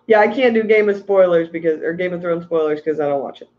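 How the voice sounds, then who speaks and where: A man's voice: sits high, fast, narrow, tinny audio. A tired man hosting a casual livestream about aquarium fish, rambling and ranting while reading out chat messages. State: tired from little sleep.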